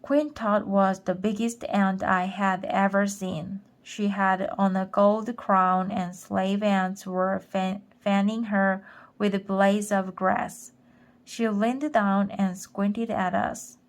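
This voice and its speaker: A woman reading a children's storybook aloud at a slow, deliberate pace. Her voice sits at an ordinary middle pitch, and when she trips on a word she calmly goes back and reads it again. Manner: careful, rereading stumbled words. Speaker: storybook reader. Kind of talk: slow read-aloud for English learners.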